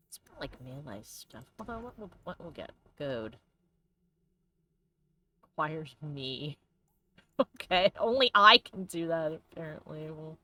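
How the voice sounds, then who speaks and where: A woman's voice: sits low, bright, forceful tone, a little hiss or hum. A woman hosting a let's play, chatting casually and playfully about the game, often giggling and reading chat aloud. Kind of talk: casual gameplay commentary.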